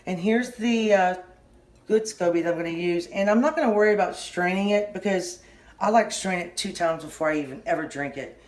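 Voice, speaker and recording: A middle-aged woman with a Southern US accent giving a casual kitchen how-to, rambling and halting, often stopping mid-sentence to restart. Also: fairly low pitch, a little mellow. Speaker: home cooking channel host.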